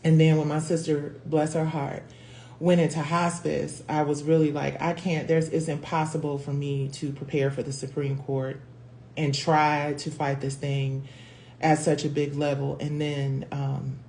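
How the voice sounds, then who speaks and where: A woman with a low, grounded voice hosts her own stream and speaks frankly and emotionally to her viewers, swearing now and then and calling them y'all. A faint background hiss sits under the home-computer sound. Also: darkish tone. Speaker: host. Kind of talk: casual livestream talk.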